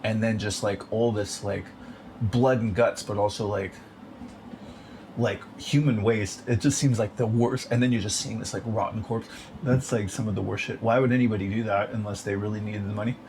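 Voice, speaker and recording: A man with a fairly low voice rambles through a casual solo monologue, swearing freely and padding every thought with "like". Steady background noise sits under the recording. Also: normal speed. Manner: profane, rambling, filler-heavy with frequent 'like'.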